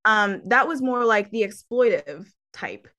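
A woman coach talking casually in an interview, animated and laughing often. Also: medium pitch, measured pace. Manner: animated, laughs often, acts out her own past voice.

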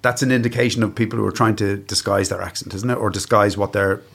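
A man's voice: fairly low pitch, steady tone, quick pace, gravelly, a bit bright, husky. A man, a former football writer, talking thoughtfully as a guest in casual interview chat.

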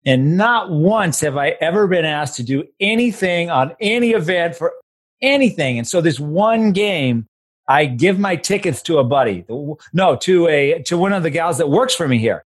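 A man's voice: fairly high pitch, expressive, normal speed. An older man hosting a podcast, chatting casually and steering the guest with questions. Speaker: podcast host. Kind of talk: casual interview chat.

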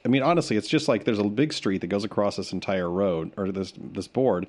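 A man's voice: fairly low pitch, a little fast. A young man hosting a board game podcast, chatting casually and teasing the other players as he explains the rules. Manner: animated, laughing, teasing. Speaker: podcast host.

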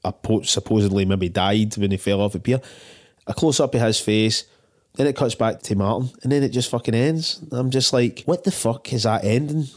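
A Scottish man co-hosting a casual film podcast, swearing freely and recounting scenes with animated outbursts. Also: fairly low pitch, brisk. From Scotland. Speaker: podcast co-host.

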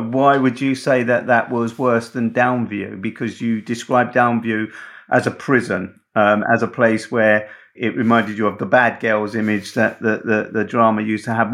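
A man hosts an interview and asks follow-up questions in a relaxed, conversational way. His voice has a gravelly, creaky edge and sits in a middle pitch. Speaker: podcast host.

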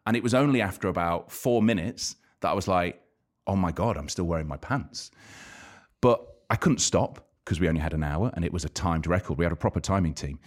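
A man co-hosting a podcast, telling a story with energy and quizzing a guest in casual chat. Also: low-pitched. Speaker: podcast co-host.

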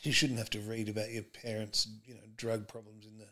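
A man's voice: lowish voice, level tone, fairly quick, sharp tone. A middle-aged man, a comedian telling stories as a podcast guest in a rambling way, full of fillers and restarts. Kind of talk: casual interview chat.

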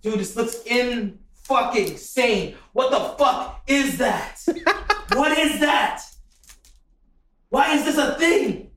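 A man with a very high, bright voice and swooping pitch, talking slowly in a loose podcast chat. He swears and yells, coughing and laughing while the spice burns. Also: expressive, slight background noise. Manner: loud, swearing, laughing and yelling through a spicy chip challenge. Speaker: podcast host. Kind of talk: casual chat.

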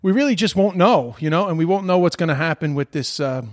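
A man's voice: on the high side, quick pace, no room sound, studio quality. A man hosting a podcast in casual chat, swearing constantly and ranting. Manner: heavy swearing, animated ranting. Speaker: podcast host.

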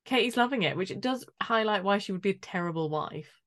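A woman's voice: medium pitch, lively intonation, fast talker, a bit bright, dry recording, clean studio sound. A woman co-hosting a casual podcast chat, swearing freely and acting out the people she talks about. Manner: swearing, mimics people in quotes, laughs often. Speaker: podcast co-host.

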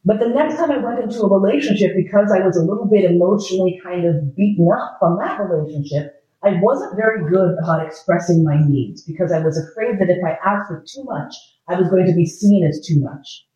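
A man with a slightly raised pitch gives a frank, humorous lecture, swearing casually as he tells personal stories. The recording is roomy and echoey. The sound is dull and lo-fi. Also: expressive, fairly quick, few pauses, mellow.

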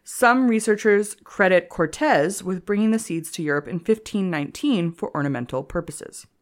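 A woman's voice: fairly low pitch, animated, normal speed. A woman co-hosting a casual comedy history podcast, reading her notes aloud and laughing often. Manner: giggly, reads notes between jokes. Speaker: podcast co-host.

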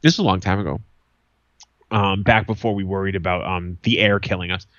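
A man's voice: low-pitched, steady tone, a little fast, a bit bright, dry recording, highs cut off. A male podcast host telling stories in casual chat, blunt and profane.

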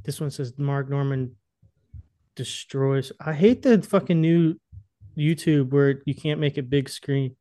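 A man's voice: mid-range voice, measured pace, warm tone, no room sound. A young man co-hosting a podcast in casual, rambling chat, crude and often laughing. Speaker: podcast co-host.

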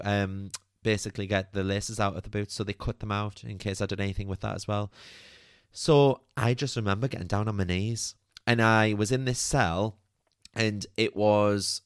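A man's voice: on the low side, clean tone, no echo, clean studio sound. A man hosting a podcast, telling a personal story in a chatty, candid way full of "like" and the odd swear. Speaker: podcast host.

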